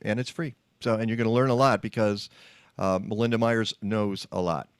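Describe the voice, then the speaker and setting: Halting male radio host. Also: on the low side, steady tone, clean tone, dry recording. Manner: halting, many fillers and restarts. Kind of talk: casual radio chat. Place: radio studio.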